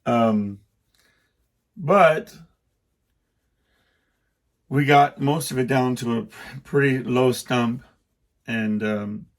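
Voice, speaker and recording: Telling a rambling personal story on his podcast, a middle-aged host keeps interrupting himself and acts out the quotes in a casual monologue. His mid-range voice draws out words, and he pauses often.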